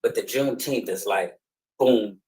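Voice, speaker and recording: A man's voice: lowish voice, moderate pace, a little mellow, poor audio. A man hosting a podcast, talking in an emphatic, slangy, preaching way. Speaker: podcast host. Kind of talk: casual chat.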